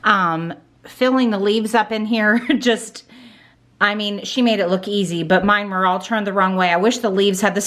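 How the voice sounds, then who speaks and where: A woman's voice: medium pitch, fairly bright tone. A middle-aged woman hosting a casual home decorating haul vlog, gushing and rambling with lots of ums and likes. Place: at home indoors.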